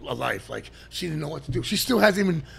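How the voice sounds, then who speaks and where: A middle-aged man, a podcast guest telling stories in a loud, animated way and swearing freely. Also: a little high, quick pace. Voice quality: gravelly, animated, swears a lot and shouts during stories. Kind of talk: casual storytelling.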